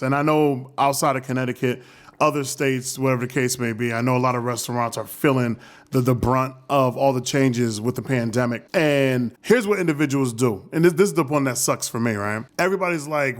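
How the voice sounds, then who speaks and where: Emphatic, slangy male podcast co-host. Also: medium pitch. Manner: emphatic, slangy, repeats words. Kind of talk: casual chat.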